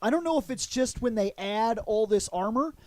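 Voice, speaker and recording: A man's voice: high-pitched, expressive, moderate pace, a little mellow, no room sound. Thirtyish guy cohosting a podcast, swears a lot, laughs, rambles, dry close sound. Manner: profane, laughing, rambling riffing. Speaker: podcast co-host. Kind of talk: casual chat.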